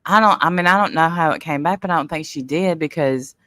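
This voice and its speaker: A woman's voice: sits low, fairly quick, pushed and bright, no echo, clean studio sound. A woman co-hosting a casual reaction chat, thinking aloud and hedging her views. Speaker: co-host.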